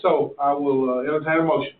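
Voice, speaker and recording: A man's voice: a little high, steady tone, quick pace. A man chairing a county zoning hearing, speaking plainly and procedurally. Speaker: board chairman. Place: county meeting room. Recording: echoey, tinny, far from mic.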